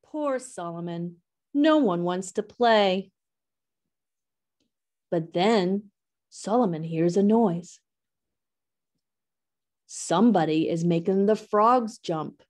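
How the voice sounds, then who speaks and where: A woman reading a children's picture book aloud in an expressive, sing-song way. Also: mid-range voice, slow, long pauses. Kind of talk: storybook read-aloud.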